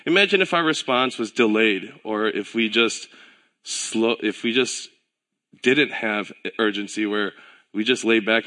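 A man delivers a relaxed, conversational sermon, as if he were chatting with friends. His voice is bright and forward. He tells stories animatedly and slips into the voices of the people he quotes. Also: fairly low pitch, unhurried. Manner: relaxed storytelling with filler words and self-corrections. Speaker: pastor.

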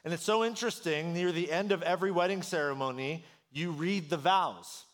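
A man in his thirties preaching as a pastor, in a conversational, animated storytelling manner with rising emphasis. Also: a little high, a little fast. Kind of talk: sermon.

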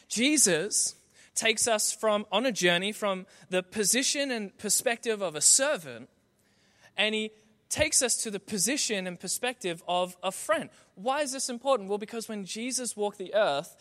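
A young man preaching a sermon, telling stories with animated, self-mocking humor. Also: sits high, normal speed, in a large hall. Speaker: pastor.

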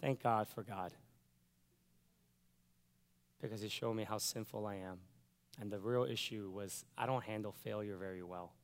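A man's voice: on the low side, fairly even intonation, normal speed, long pauses, big-room sound. A pastor telling a personal story in a sermon, acting out his own thoughts and the lines of others as he goes.

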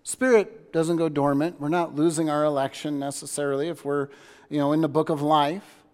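Brief: earnest male pastor giving a sermon, fairly high voice, reverberant church hall. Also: level tone, normal speed, smooth. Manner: earnest, repeats words as he restarts, shifts loudness for emphasis.

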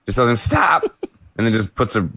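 Male co-host with a lower voice, easygoing play-by-play recap, dry room. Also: fairly even intonation, brisk, fairly bright tone, no room sound. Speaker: podcast co-host.

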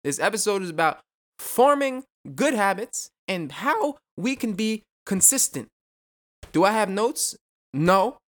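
A young man hosting a solo podcast, talking fast and casually with a lot of swearing, rambling off on tangents and throwing in self-mocking jokes. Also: high voice, sing-song, fairly bright tone. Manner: rambling, profane, goes off on tangents; jokey, self-mocking asides. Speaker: podcast host.

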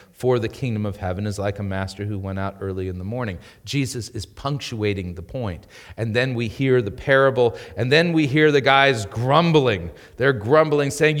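A man preaching a sermon as pastor, emphatic and swinging between loud and quiet. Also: medium pitch, big-room sound. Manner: emphatic preaching with rising and falling intensity. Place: church.

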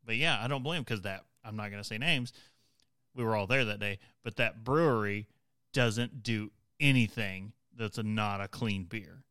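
A man co-hosting a podcast, telling a story in a relaxed, chatty way and hammering points home by repeating them. His voice sits low. The sound is dry and close. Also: moderate pace, no echo. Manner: animated storyteller, repeats for emphasis. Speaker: podcast co-host. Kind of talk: casual podcast chat.

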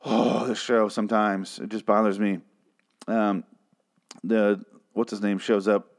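A man's voice: fairly low pitch, little pitch movement, measured pace. A man recapping and ranting about a TV episode in a sarcastic, profane, exasperated way. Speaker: TV episode reviewer. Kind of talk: casual recap and rant.

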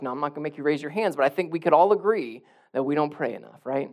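A male pastor delivers a sermon at a fast clip in a high-leaning voice, shifting between hushed near-whispers and loud, forceful bursts while repeating phrases for emphasis.

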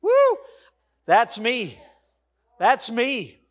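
High-voiced emphatic male preacher. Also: lively intonation, a little slow. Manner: swings between loud exclamations and hushed soft passages; emphatic, repetitive preaching cadence. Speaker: pastor. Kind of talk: sermon.

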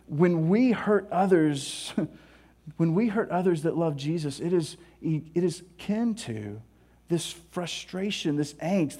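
A man preaching a sermon, animated, acting out scripture voices and dropping to hushed tones. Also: on the high side. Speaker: pastor.

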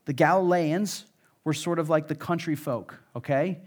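A man's voice: on the high side, normal speed, a little mellow. A man with a Midwestern American accent preaching a sermon to his church, earnest and conversational, with frequent fillers and restarts. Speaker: pastor.

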